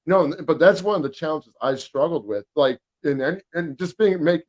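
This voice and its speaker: A man's voice: a little high, a little fast. Guy guest just chatting, rambles a lot, restarts his sentences. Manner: rambling, frequent restarts and fillers. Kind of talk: casual chat.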